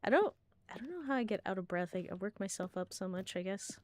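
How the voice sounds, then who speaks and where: A woman streaming a game with giggly, excitable casual commentary. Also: medium pitch, quick pace.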